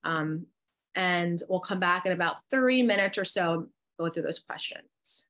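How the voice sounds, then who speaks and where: A woman's voice: lowish voice, a little slow, fairly bright tone. A middle-aged woman with a New Jersey accent co-hosting a live online workshop. She reads out chat comments and guides the group through breathing exercises step by step. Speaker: co-host and coach.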